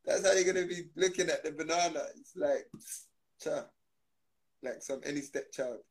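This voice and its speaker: A man holds forth in a playful interview, his voice sitting a bit high for a man. He jokes, laughs often and piles on slang, swinging from loud to hushed as he riffs. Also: moderate pace, low-quality recording. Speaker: guest. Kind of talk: playful casual interview chat.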